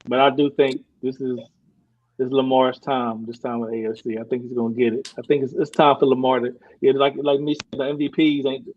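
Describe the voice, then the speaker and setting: A man talks through his football predictions, stopping and restarting with "I think." His voice is middle-pitched. The recording sounds dull and muffled. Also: flat delivery, a little mellow. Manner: halting, many "I think" restarts. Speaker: podcast co-host. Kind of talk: casual sports talk.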